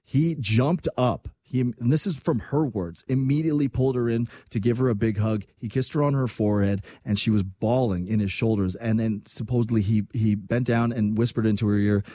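Animated male radio host. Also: lowish voice, brisk, few pauses, no room sound. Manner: animated storytelling, emphatic. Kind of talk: casual talk-radio monologue.

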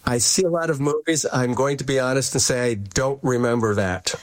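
Measured older man, professor guest. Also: mid-range voice, no room sound. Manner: measured, careful, many filler uhs. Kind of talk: radio interview.

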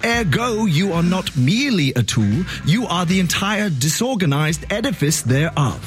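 A man's voice: sits high, sing-song, moderate pace, soft background music. A man voicing a pompous older king, formal and cutting. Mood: haughty. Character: haughty refined older British king. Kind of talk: comedy sketch impression.

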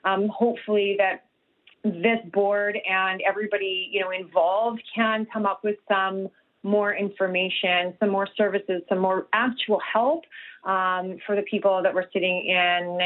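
A woman's voice: medium pitch, steady tone, unhurried. A middle-aged woman from Canada, a nutritionist talking earnestly as an interview guest over the phone, with many restarts and fillers. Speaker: guest, nutritionist and health coach. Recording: tinny phone line.

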